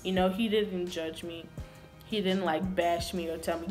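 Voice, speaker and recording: A woman's voice: fairly low pitch, fairly even intonation, normal speed, a little mellow, soft background music. A young woman vlogger telling a personal story to camera in an earnest, confessional way.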